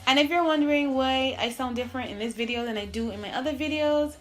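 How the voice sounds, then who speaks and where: A woman's voice: high-pitched, fast talker. A young woman from Barbados with a mixed Barbadian and American accent, chatting casually through a makeup tutorial. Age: young adult. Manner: chatty, relaxed, with fillers. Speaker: beauty vlogger.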